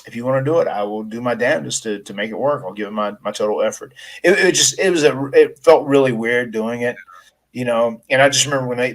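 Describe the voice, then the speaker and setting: A man's voice: medium pitch, rough recording. A man answering interview questions, telling a personal story earnestly, with frequent restarts and quoted dialogue. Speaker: wrestler telling his story.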